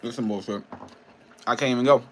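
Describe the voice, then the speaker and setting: A man's voice: mid-range voice, fairly quick, slight background noise. A man, a personal trainer and nutrition coach, ranting in a casual vlog, frustrated and profane, rambling between laughs.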